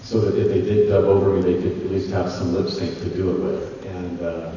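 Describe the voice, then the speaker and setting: A man with a fairly low voice shares anecdotes at a convention panel, animated and quick to laugh as he plays out other people's lines. He is picked up from a distance in a big echoing hall, and the sound is dull and lo-fi. A faint hum of ambience sits underneath. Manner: animated, laughs often, acts out quoted voices. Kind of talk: anecdotal storytelling.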